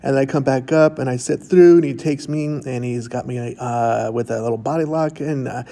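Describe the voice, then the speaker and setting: Goofy, mellow-voiced man narrating a grappling roll. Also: mid-range voice, normal speed. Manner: goofy, self-mocking, chatty, quotes himself and opponent in silly voices. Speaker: jiu-jitsu practitioner narrating own roll. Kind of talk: casual play-by-play voice-over.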